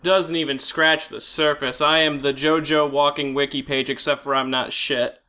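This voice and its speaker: A man's voice: a little high, level tone, normal speed, bright, forceful tone, clean tone. A man as a guest in a casual podcast chat, with dry, sardonic humor.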